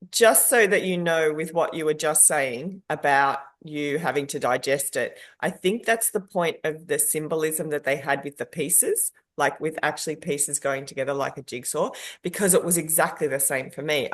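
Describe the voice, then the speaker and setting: Woman co-host, lower pitch, reassuring, casual podcast talk. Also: fairly bright tone. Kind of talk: casual chat.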